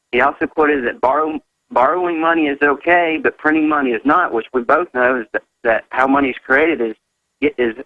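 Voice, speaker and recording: A man's voice: medium pitch, no echo. Hesitant male caller on a phone line. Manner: hesitant, many fillers. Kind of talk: phone-in call. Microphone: telephone. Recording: dry, tinny phone line.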